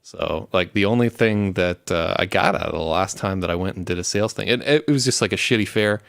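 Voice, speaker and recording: Casting note: young adult man, low gravelly voice, dry close sound, loose rambling profane storyteller. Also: a little fast, fairly bright tone, no echo. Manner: rambling, swears constantly, laughs while telling stories. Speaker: show host. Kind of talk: casual profane chat.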